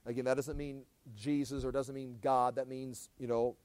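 A man's voice: medium pitch, fairly even intonation, fairly quick, hardly any pauses, a bit bright, smooth, no echo. Talkative man teaching scripture, dry sound. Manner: conversational, rambling, with restarts and asides. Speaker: pastor teaching a Bible study. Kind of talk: casual verse-by-verse Bible teaching.

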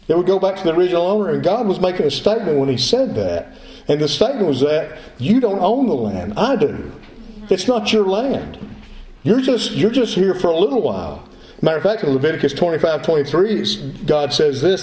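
A man's voice: high voice, big pitch swings, a little fast, darkish tone. A male pastor preaching a sermon, emphatic, repeating his phrases as he builds his point. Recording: echoey room.

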